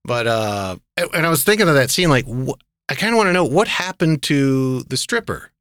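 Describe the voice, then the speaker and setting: A man's voice: medium pitch, lively intonation, normal speed, a bit bright, clean tone, dry recording. A man hosting a casual talk show about TV, rambling with lots of fillers and wry asides. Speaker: podcast host reviewing TV shows. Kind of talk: casual chat.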